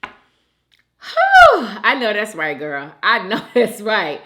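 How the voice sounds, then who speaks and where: A woman hosting a mukbang chat, reading viewer comments aloud, animated and quick to laugh and get emotional. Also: mid-range voice, noisy background. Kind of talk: casual chat.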